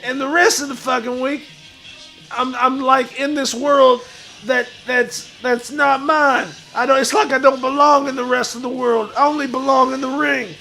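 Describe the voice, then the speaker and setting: A man playing a crude, boastful washed-up pro wrestler who talks about himself in the third person and shouts his lines. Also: very high voice, level tone, normal speed, soft background music, full character voice. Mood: swaggering bravado. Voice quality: gravelly, shouty bravado. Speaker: streamer in character. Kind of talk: improvised comedy stream.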